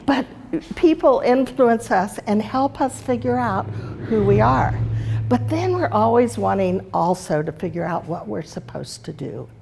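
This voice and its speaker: Fairly high-pitched and expressive, this older woman's voice is gravelly, with a little hiss or hum, and her pace is measured. She's a speaker and teacher giving a relaxed talk, chattily sharing family anecdotes and a children's story, warm and anecdotal with little laughs.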